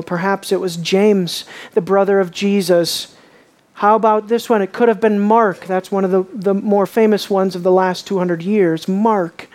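A man preaching a sermon, asking his listeners questions and dropping low and quiet on key lines. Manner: asks the audience questions.

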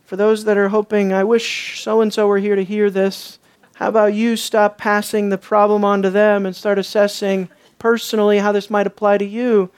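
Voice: medium pitch, little pitch movement, normal speed, smooth. A preacher delivering a sermon, repeating key lines and pressing the listeners with rhetorical questions. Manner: rhetorical questions and emphatic repetition.

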